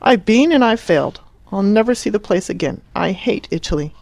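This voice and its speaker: A petulant young Englishman, cynical and sulky, his protests rising to high, heated outbursts, as a woman reading aloud puts him on. The voice is close and dry, with no echo. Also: animated, a little fast, vocal fry, darkish tone. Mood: vehement.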